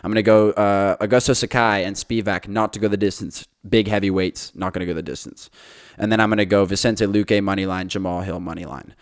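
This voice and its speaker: A man's voice: fairly low pitch, steady tone, a little fast, no echo, clean studio sound. A man hosting a podcast, giving his betting picks in a confident, chatty monologue to listeners. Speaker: podcast host.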